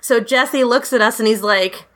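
A middle-aged woman tells a story in a loose, chatty way, cursing freely and getting animated at the big moments. Her voice is bright and forward. It sounds like an easygoing conversation. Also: a little high, moderate pace, slight background noise. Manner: animated, profane, laughing storyteller. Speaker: guest storyteller. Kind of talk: casual anecdote telling.

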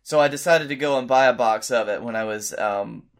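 A man co-hosting a comedy podcast spins a rambling anecdote, swearing freely and getting animated as he goes. His voice sits at an ordinary middle pitch. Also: brisk. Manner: profane, animated anecdote telling. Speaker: podcast co-host. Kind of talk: casual comedy storytelling.

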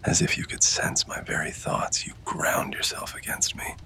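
A man narrating in first person as a winged fae lover, in a whispered role-play with close, intimate, breathy delivery. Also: normal speed.

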